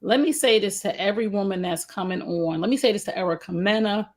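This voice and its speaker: A woman's voice: medium pitch, quick pace. This is a woman co-hosting a relationship talk show, blunt and emphatic in her advice. She speaks with features and leans into her points like a lecture. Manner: outspoken, emphatic, preachy advice. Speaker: co-host.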